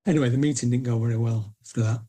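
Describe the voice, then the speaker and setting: A middle-aged man with a Northern English accent, chatting as a guest on a podcast. He tells long, self-mocking anecdotes in a warm, mellow voice. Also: mid-range voice, fairly even intonation, rapid-fire. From Northern England. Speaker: guest, indie publisher. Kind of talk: casual storytelling interview.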